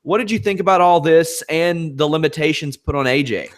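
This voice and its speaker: A man's voice: fairly high pitch, a little fast. A man hosting a podcast, moving through topics in a conversational way and putting questions to his co-host. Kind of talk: casual podcast chat.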